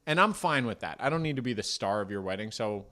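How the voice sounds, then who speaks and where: A man's voice: fairly low pitch, lively intonation, fast talker, sharp tone. A young man co-hosting a podcast, telling a rambling, self-deprecating story in casual talk with the odd swear word.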